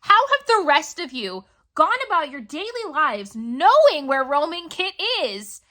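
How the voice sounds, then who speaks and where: In a casual reading vlog, a young woman rants dramatically about books, swearing in mock outrage. Her voice is high-pitched, bright and forceful, very animated though a little slow.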